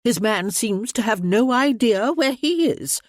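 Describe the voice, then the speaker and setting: A woman's voice: a little high, lively intonation, a little slow, no echo, clean studio sound. Woman voicing a bossy old noblewoman. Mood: imperious. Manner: commanding, scolding. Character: imperious elderly noblewoman with a cane.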